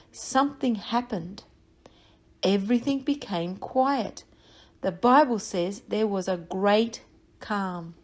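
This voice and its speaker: A woman teacher reading a Bible story aloud to young children, with expressive storytelling and questions to the listeners. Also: fairly high pitch.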